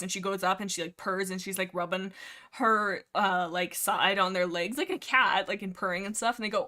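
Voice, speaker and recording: A young woman hosting a livestream, chatting in a rambling, casual way about a book series, full of fillers, restarts and quick acted quotes. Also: medium pitch, sharp tone. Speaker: livestream host.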